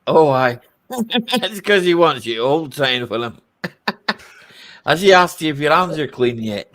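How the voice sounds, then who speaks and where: A man's voice: fairly high pitch, animated, unhurried, a bit bright. A man hosting a casual live chat, teasing his guests and laughing often. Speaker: livestream host.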